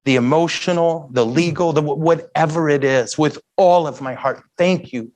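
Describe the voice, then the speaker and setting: A priest giving a heartfelt talk to an audience, earnest and emotional, with self-mocking humor. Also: male voice, a little high, moderate pace, a little mellow. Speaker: priest and guest speaker. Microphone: handheld mic.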